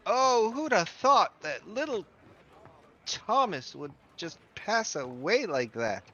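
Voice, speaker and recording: A man voicing a forgetful, gray-haired old woman who works as a town hall clerk, talking in a slow, sighing, sing-song way. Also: high-pitched, big pitch swings, sharp tone, voice pushed up, heavily acted. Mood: mournful. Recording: dull lo-fi audio.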